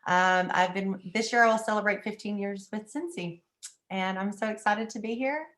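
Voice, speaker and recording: A woman's voice: medium pitch, moderate pace, a bit bright. Easygoing woman from Texas. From Northeast Texas. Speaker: panelist. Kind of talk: casual group call.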